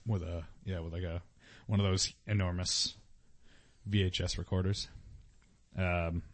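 A man in casual chat, soft-spoken and trailing off into fillers. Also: low voice, little pitch movement, measured pace.

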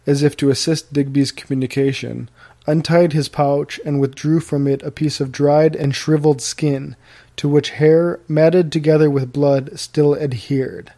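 A man narrating an audiobook of a historical novel in a steady, formal storytelling manner. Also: on the high side.

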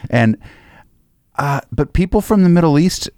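A man hosting a casual panel podcast, rambling and joking with quick asides. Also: fairly high pitch, animated, a little mellow, dry recording, studio quality. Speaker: podcast host.

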